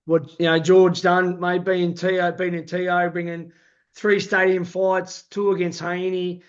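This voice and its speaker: An Australian man with a notably high voice hosts a casual interview, chatty and often chiming in with agreement. The sound is muffled and lo-fi. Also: flat delivery, a little slow. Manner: affirms often with yeah and wow, chatty. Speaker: interview host, former boxer.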